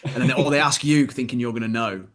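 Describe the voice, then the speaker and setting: A British man co-hosting a casual fitness podcast, blunt and animated, swearing freely as he tells stories. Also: mid-range voice, fast. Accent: British English. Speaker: podcast co-host, fitness coach.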